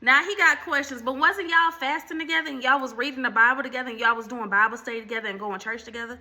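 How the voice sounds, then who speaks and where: A woman's voice: sits high, fast, bright, forceful tone. A woman hosting her own channel, chatting casually to viewers about faith and relationships, calling them y'all, with preachy asides. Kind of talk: casual faith talk to camera.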